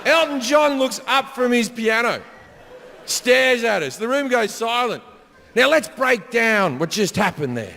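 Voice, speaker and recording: A man tells a profane stand-up story to a live audience. He often jumps into loud imitations of other people. His voice is high and bright, and it rings out with a long hall reverb over a faint murmur of ambience. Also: very animated, a little slow, vocal fry. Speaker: stand-up comedian. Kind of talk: stand-up comedy set. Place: comedy stage before a live audience.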